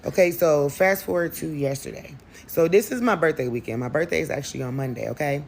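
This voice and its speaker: Talking straight to her audience, this woman tells a storytime vlog in a chatty, emphatic manner. Her deep, darkish voice moves fairly quickly with vocal fry, over slight background noise.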